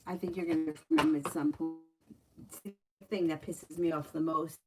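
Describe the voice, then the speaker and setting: A woman's voice: on the low side, big pitch swings, normal speed, creaky, over loud music. A woman running a live-stream tarot reading, chatty and blunt, swearing freely when something annoys her. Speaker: tarot reader.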